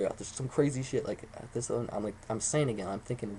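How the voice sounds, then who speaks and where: A young man telling a rambling, excitable story to the camera, swearing often as he goes. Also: fairly low pitch, brisk, slight background noise. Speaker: vlogger.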